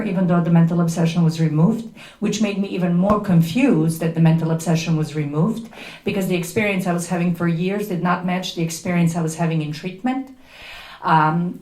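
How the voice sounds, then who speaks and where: A woman's voice: lowish voice, darkish tone. A middle-aged woman with a Serbian accent giving an earnest, emphatic personal testimony to a workshop audience. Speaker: recovery speaker at a workshop. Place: workshop room before an audience. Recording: echoey room.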